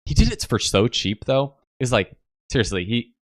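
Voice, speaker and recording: A man's voice: mid-range voice, big pitch swings, moderate pace, dry recording. A man telling a long casual story as podcast host, rambling with many fillers and acted-out quotes. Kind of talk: casual storytelling over photos.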